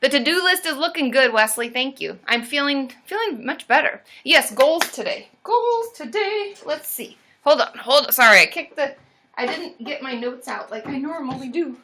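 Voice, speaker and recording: A woman hosting a live stream as a therapist, chatting casually and getting loud and excitable as she cheers. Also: sits high, normal speed, slight background noise.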